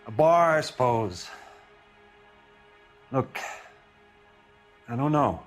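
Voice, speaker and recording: An actor playing a defensive husband suspected of murder in a game, speaking haltingly. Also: male voice, mid-range voice, animated, faint music behind. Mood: weary. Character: defensive grieving husband under suspicion.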